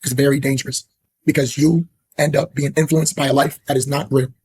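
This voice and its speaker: A man's voice: medium pitch, little pitch movement, a little fast, darkish tone, husky. A young man with a sore throat talking earnestly and from the heart to his livestream viewers. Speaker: streamer. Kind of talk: emotional livestream talk.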